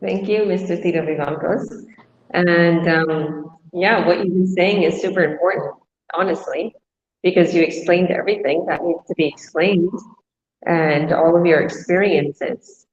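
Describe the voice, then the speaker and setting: Low-voiced woman in an echoey room. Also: steady tone, a little slow. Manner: casual, with fillers. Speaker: business coach, host. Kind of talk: online business presentation. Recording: muffled, echoey room with long reverb.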